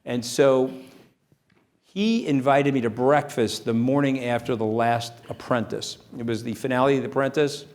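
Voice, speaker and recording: A middle-aged man as an interview guest, telling an anecdote fast and animatedly. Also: mid-range voice. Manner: fast, animated, acts out quoted voices. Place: event venue.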